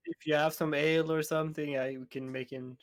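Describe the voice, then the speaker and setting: A man's voice: a little high, little pitch movement, fairly quick. A man playing a tabletop game, with laid-back, joking banter. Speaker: player. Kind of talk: casual tabletop game play.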